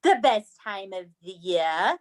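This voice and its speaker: A woman's voice: medium pitch, very animated, slow. A woman co-hosting a casual true-crime podcast, chatty and laughing often. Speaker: podcast co-host. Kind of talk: casual chat.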